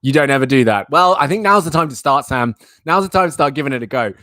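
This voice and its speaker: A man's voice: mid-range voice, expressive, fast talker, bright, forceful tone, no room sound. A young man hosting a live stream, chatting in a playful, rambling, self-mocking way. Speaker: livestream host. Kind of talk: casual live-stream chat.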